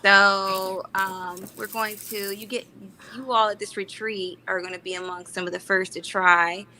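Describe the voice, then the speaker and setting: A woman practitioner joining an interview as a guest, speaking in a gentle, sweet-spoken way. Her voice is bright and a little sharp at a mid pitch, with faint noise behind her. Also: flat delivery, unhurried. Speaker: guest, Reiki and sound therapy practitioner. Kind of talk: casual interview chat.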